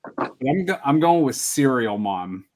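A man's voice: medium pitch, very animated, unhurried, a crowd in the background. A man hosting a casual podcast movie draft, talking enthusiastically and laughing as he goes.

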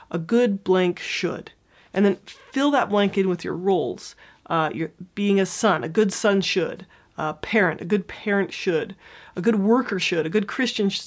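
A woman with a calm, clear voice walks through a self-help lesson. She sounds gently encouraging and keeps an even, explanatory delivery, like a prepared educational video. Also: mid-range voice.

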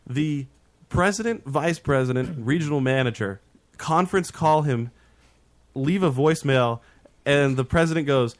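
Animated, swearing man telling a story. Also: fairly high pitch, normal speed. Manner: animated, swears, acts out quotes. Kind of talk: casual storytelling among friends.

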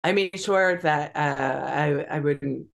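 A guest on a video call talks candidly in a mid-pitched voice. The speech is halting, full of fillers and restarts, broken by nervous laughter. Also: creaky, fairly bright tone. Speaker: interview guest. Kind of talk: candid conversational interview.

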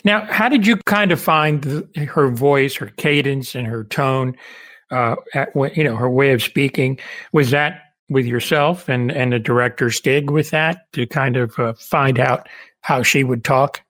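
Man, show host, casual interview questions, halting, rephrasing, medium pitch. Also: a bit bright. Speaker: podcast host.

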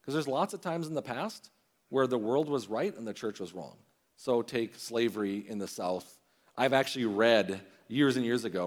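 Conversational middle-aged male preacher. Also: mid-range voice. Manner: conversational, with many restarts and quoted asides. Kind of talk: sermon.

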